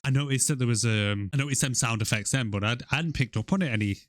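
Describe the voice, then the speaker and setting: A man's voice: medium pitch, fast, no room sound, clean studio sound. Sweary man, casual podcast chat. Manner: sweary, rambling, mocking. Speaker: podcast co-host. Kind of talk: casual movie review chat.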